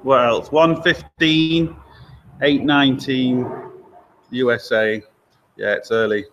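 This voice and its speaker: A man's voice: medium pitch, fairly even intonation, fairly bright tone, dull audio, a little hiss or hum. A man hosting a casual live stream from a garage workshop, chatting loosely and reading out viewer comments. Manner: loose and chatty, with fillers and quick asides. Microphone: laptop or camera mic held by a helper.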